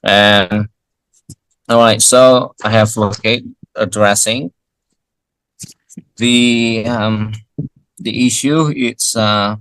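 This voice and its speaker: Man, very low voice, English tutor, halting with restarts, dry close sound. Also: fairly even intonation, a bit bright, clean tone, no echo, low-quality recording. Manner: halting, with frequent restarts and fillers. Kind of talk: casual English lesson.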